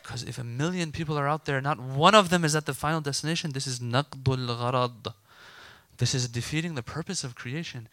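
Bright emphatic male preacher. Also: mid-range voice, fairly quick, no echo. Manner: animated, emphatic, voices imagined dialogue. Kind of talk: sermon.

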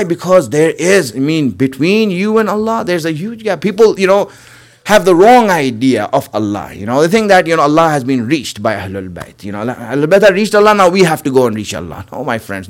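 A man's voice: a little high, very animated, moderate pace. A man giving an earnest religious sermon, repeating phrases for emphasis and calling his listeners his friends. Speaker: preacher.

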